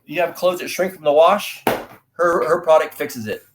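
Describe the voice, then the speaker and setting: A middle-aged man from the United States, an actor guest telling stories in an interview and acting out dialogue loudly. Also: a little high, moderate pace. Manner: animated storyteller, acts out dialogue loudly. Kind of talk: storytelling interview talk.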